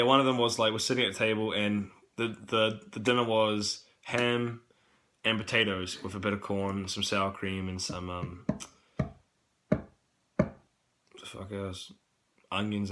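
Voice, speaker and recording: A man's voice: fairly low pitch, sharp tone. A young man with a New Zealand accent, rambling casually and swearing often in a vlog, with a cough from a cold. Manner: rambling, swears a lot, many fillers. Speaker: camp worker vlogging.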